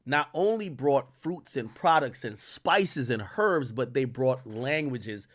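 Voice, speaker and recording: A man's voice: mid-range voice, animated, slow, a bit bright. A young man from Jamaica hosting a casual commentary stream, explaining with lots of restarts and laughing often. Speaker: host.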